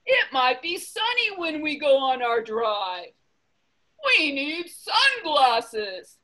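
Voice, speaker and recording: Brief: storybook elephant, male, bossy and fretful, slow and bright-toned, a woman reading the part. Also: sits high, big pitch swings, full character voice. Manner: bossy, chanting, fretful outbursts. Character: fussy worried male elephant planner.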